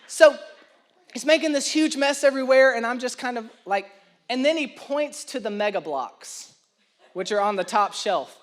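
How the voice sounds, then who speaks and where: A man's voice: very high-pitched, expressive, moderate pace. A young man preaching a sermon, telling a self-mocking story about his son and building to emphatic points. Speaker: pastor.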